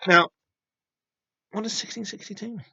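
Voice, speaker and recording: A man's voice: high-pitched, moderate pace, creaky, pushed and bright, slightly rough, no room sound. A man talking casually as a podcast host, rambling with lots of fillers and restarts. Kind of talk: casual comic-book reading chat. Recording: dull dry lo-fi home mic.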